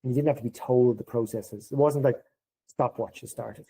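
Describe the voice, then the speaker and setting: A husky, mid-range male voice at normal speed comes through a low-quality recording. The speaker, a middle-aged podcast guest, tells workplace anecdotes conversationally. He's lively and acts out the dialogue by pitching his voice up.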